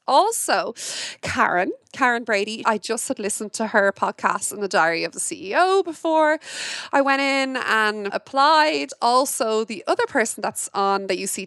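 An Irish woman hosting her own podcast, talking fast and passionately in a casual monologue. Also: on the high side, a bit bright, no room sound, studio quality. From Ireland. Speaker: podcast host.

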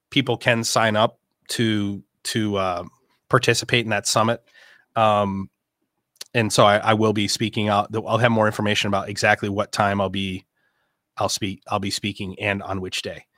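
A man's voice: on the low side, little pitch movement, normal speed, a bit bright, no room sound, studio quality. A man in his forties hosting a casual live session, talking loosely with many fillers and restarts, heartfelt when he speaks about family. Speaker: host of a members' live session. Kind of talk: casual live-stream talk.

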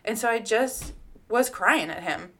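A woman's voice: fairly high pitch, expressive, a little slow, sharp tone. A woman co-hosting a podcast, telling a personal story in a casual, heartfelt way with many fillers and some swearing. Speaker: podcast co-host.

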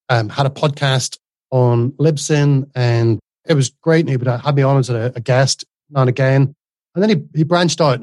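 A man in his forties with a softened Northern Irish accent that carries a trace of Australian speaks as an interview guest. He talks earnestly in long, flowing runs, often restarting a phrase. His voice sits at a middling pitch and sounds dry and close, with almost no room around it. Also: no room sound. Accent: softened Northern Irish, mixed with Australian. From Northern Ireland. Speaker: guest, course creator. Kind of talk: casual interview conversation.

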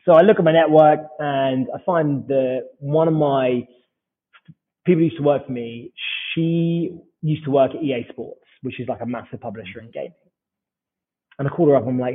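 A British man in his forties, a startup founder appearing as a podcast guest, tells animated stories in a casual interview and acts out the dialogue as he goes. His mid-range voice is slightly rough and moves at a normal speed. The line sounds tinny, like a phone call.

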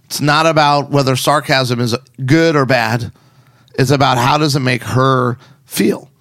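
A man with a gravelly, creaky voice of middle pitch, chatting casually and giving advice to husbands. He tells stories in a sarcastic, animated way. The sound is close and dry. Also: measured pace, dry recording. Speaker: podcast co-host.

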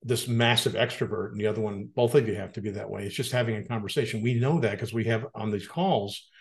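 A man's voice: on the low side, fast. A middle-aged man co-hosting a podcast, talking in a reflective, earnest way. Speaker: podcast co-host. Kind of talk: casual conversation.

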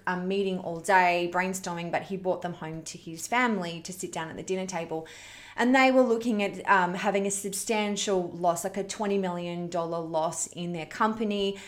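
A woman's voice: fairly low pitch, fairly even intonation, normal speed. Earnest woman hosting a parenting chat. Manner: earnest, heartfelt, conversational. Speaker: host of a parenting challenge. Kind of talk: casual storytelling to an online audience.

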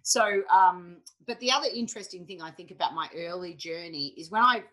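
Woman, podcast host, middle-aged, lowish pitch, bright tone, animated and chatty. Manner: animated storytelling, quick asides. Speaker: podcast host, tennis coach. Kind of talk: casual interview chat.

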